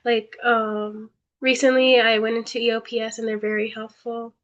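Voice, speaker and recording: A woman's voice: on the high side, little pitch movement, moderate pace. Shy young woman student, lo-fi audio. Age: young adult. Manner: hesitant, soft, many fillers. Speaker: community college student panelist. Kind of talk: personal story on a panel.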